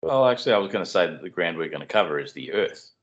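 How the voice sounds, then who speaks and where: A man speaks in a low register as he works through scripture with calm, methodical explanation and a dry wit. The recording sounds somewhat dull and lo-fi. He is a podcast co-host. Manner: measured, explanatory, dry humor. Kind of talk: teaching Bible study podcast.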